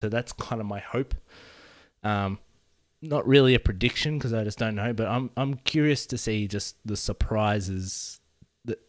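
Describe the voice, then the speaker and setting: A man co-hosting a relaxed gaming podcast, his voice on the lower side. He rambles in an easygoing way, full of fillers. The recording is dry and close. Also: measured pace, no room sound. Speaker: podcast co-host. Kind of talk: casual gaming chat.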